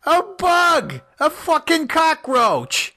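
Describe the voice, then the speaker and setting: A man's voice: extremely high pitch, wildly swooping pitch, extremely slow, bright, forceful tone, faint music behind, voice pushed up, heavily acted. A man doing a frantic, swearing husband. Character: panicky middle-aged husband, crude and excitable. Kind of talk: audio horror story reading.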